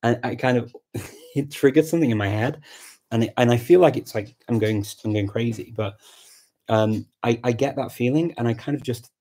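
Speaking at a medium pitch and moderate pace, this host of an informal language-learning livestream works through ideas carefully. He reads out comments from viewers and reacts to each with warmth as he answers.

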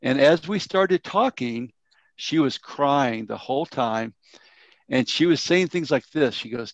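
A middle-aged man, teaching a grief workshop as a church elder. He tells his story earnestly, with a gravelly edge, and often sinks into a soft, low tone. The sound is dry and a little muffled. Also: lively intonation, a little slow, no echo. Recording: slightly dull, dry sound.

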